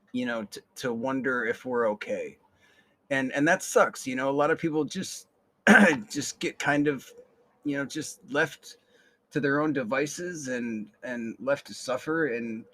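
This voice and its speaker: A young man hosting a podcast tells a rambling story full of casual swearing and plenty of repeated words. His voice is mid-range with a fairly bright tone.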